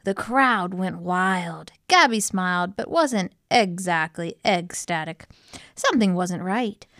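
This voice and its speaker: A woman reading a children's storybook aloud with lively, playful, expressive narration. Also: fairly low pitch, takes it slowly, no echo, studio quality. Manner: lively, playful pun-filled delivery. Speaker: storybook reader.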